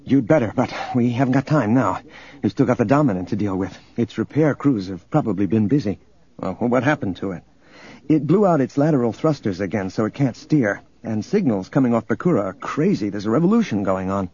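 A man voicing a brisk, decisive young woman in an audiobook, speaking quick and urgent. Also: on the low side, expressive, a little mellow, breathy edge, dull audio.

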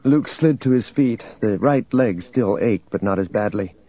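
A man narrating an audiobook in a steady, measured reading. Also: fairly low pitch, highs cut off. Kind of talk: scripted narration.

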